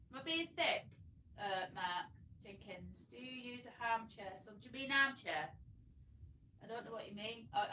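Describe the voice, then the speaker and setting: A woman's voice: mid-range voice, sharp tone, slight background noise. A woman hosting a casual home livestream, chatting and rambling as she reads comments aloud. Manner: chatty, rambling, self-interrupting. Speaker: livestream host. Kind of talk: casual live chat reading comments. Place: home room. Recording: echoey room, a little far from the mic.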